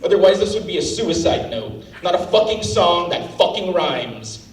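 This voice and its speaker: A man's voice: high-pitched, sing-song, moderate pace, slight background noise. A man doing standup, ranting with outrage and plenty of profanity. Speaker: standup comic. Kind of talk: standup set. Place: comedy club stage. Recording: roomy live venue, mic at a distance, faint ambience.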